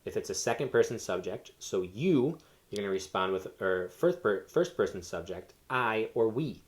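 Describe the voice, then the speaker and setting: A man's voice: lowish voice, lively intonation, moderate pace. A man teaching a Spanish lesson, explaining step by step with fillers and self-corrections. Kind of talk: recorded classroom lesson.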